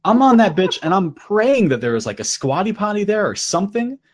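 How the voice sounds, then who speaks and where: A man's voice: high-pitched, very animated, brisk. A man co-hosting a podcast, telling a long story in casual chat, often breaking into laughter. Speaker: podcast co-host.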